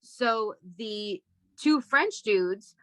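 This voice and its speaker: A young adult woman guest telling a wild story in casual podcast chat, animated and swearing freely, jumping up high and loud when she quotes people. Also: very slow, no room sound. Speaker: guest, comedy writer.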